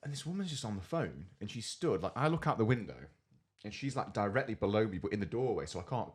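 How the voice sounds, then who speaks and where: A man's voice: fairly low pitch, lively intonation, quick pace, slightly rough. A man co-hosting a podcast, telling rambling, amused stories in casual chat. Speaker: podcast co-host.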